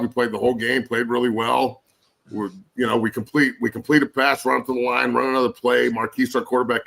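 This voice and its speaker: With a creaky, mid-range, fairly bright voice on a rough recording, this man in his forties cusses through an angry rant. He's a former professional football player guesting on a casual podcast.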